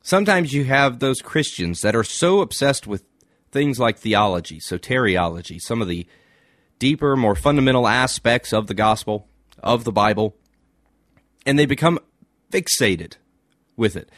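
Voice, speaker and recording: A man delivers a brief teaching on faith in a measured, sermon-like way. He builds his point through simple everyday examples. The recording is dry and close, with no room sound. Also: medium pitch, expressive, fairly bright tone, no echo. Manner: measured, illustrative preaching. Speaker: Christian speaker.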